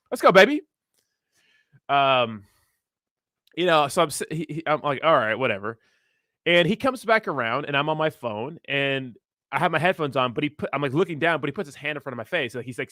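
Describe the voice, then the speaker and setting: A man's voice: medium pitch, a bit bright, no echo, clean studio sound. A young man hosting a crypto livestream in casual, rambling, profane chat, reading viewer messages aloud.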